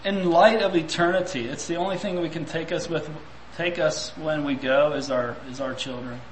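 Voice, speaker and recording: A man's voice: fairly high pitch, fairly even intonation, normal speed, reverberant, a little hiss or hum, rough recording. A man preaching a sermon, reflective and full of rhetorical questions.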